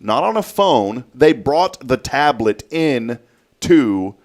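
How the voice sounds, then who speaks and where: A man, hosting a casual studio talk show and telling a story with lively flair. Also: mid-range voice, slow pace. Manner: animated storytelling, acts out a child's voice. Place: local TV studio.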